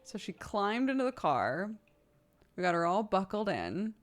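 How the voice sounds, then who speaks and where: A woman streamer telling a story in casual chat, animated and full of acted-out quotes. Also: medium pitch, unhurried.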